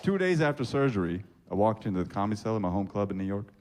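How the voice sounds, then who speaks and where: Give me a male stand-up comic on a club stage with a handheld mic, deadpan and self-mocking. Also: fairly low pitch, quick pace, a crowd in the background, background noise. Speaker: stand-up comedian. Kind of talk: stand-up comedy.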